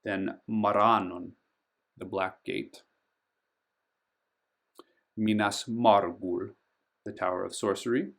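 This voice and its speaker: A man hosting a pronunciation tutorial over a game map. He speaks slowly and carefully, draws out and stresses each name he teaches, and fills pauses with frequent ums. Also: fairly low pitch, fairly even intonation, gravelly, fairly bright tone. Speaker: board game channel host.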